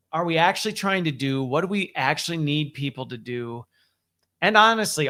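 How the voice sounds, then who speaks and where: A man's voice: fairly high pitch, a bit bright. A man hosting a weekly update show, talking casually and emphatically with frequent restarts. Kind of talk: casual solo commentary.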